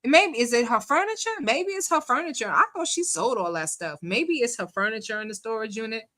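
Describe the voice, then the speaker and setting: A woman's voice: fairly high pitch, lively intonation, fairly quick, sharp tone. A woman commentating on a live stream in casual chat, laughing and teasing as she talks to her chat. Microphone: desk microphone.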